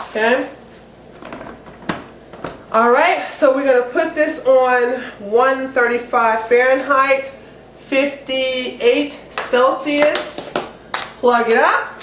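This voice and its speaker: A woman giving a casual, enthusiastic cooking how-to demonstration at home, chatty and getting excited. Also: high-pitched, very slow, pauses often. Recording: roomy echo with faint background noise.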